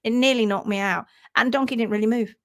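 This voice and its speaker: Woman host, hoof trimming instructor, lively storyteller, somewhat high voice, live-stream chat. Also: quick pace. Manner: animated, acts out sounds and voices.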